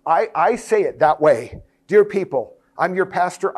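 A man's voice: sits high, moderate pace. A man speaking as a pastor, giving earnest, emphatic practical advice to church leaders, often repeating his phrases for stress. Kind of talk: sermon-style talk to church leaders.

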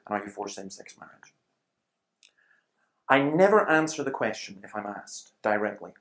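A man, speaking as a Christian speaker in a conversational talk, telling stories and acting out the voices of people he quotes. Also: medium pitch. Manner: animated storyteller, acts out quoted voices.

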